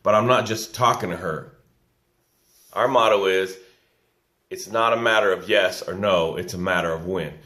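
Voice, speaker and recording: A man's voice: sits low, normal speed, long pauses, pushed and bright. A man hosting a live business coaching broadcast, reading out viewer comments and encouraging them with folksy repetition. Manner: encouraging, folksy, repeats key lines for emphasis. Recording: echoey room.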